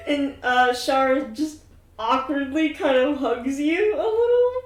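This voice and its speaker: A woman running a tabletop game among friends, chatting and laughing as she narrates. Her pitch jumps around while she speaks at an unhurried pace, from a little far off in an echoey room with faint background noise. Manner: chatty, laughing, trails off with fillers. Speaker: game master. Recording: echoey room, mic from afar.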